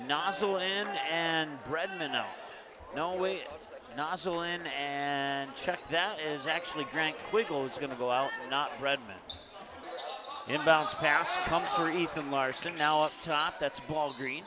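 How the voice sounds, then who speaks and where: High-voiced man calling basketball live. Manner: rapid excited play calls, self-correcting. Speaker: play-by-play announcer. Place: high school gym. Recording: crowd noise in a gym. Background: loud crowd and bouncing balls.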